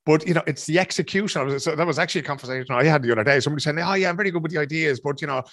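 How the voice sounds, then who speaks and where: A man hosting an interview, chatty and colloquial with quick interjections. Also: on the high side, a bit bright, no room sound, studio quality. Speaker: podcast host. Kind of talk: casual interview chat.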